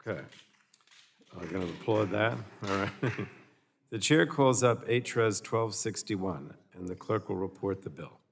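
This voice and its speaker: A man chairing a committee session, calling votes and reading procedural motions in a brisk, matter-of-fact tone. His voice sits fairly low. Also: lively intonation, vocal fry. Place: large committee hearing room.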